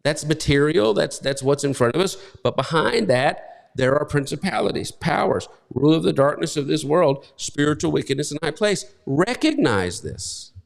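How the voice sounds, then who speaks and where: A man's voice: on the high side, big pitch swings, normal speed, gravelly, big-room sound. A male pastor preaching a sermon, emphatic and conversational, firing off rhetorical questions to his listeners.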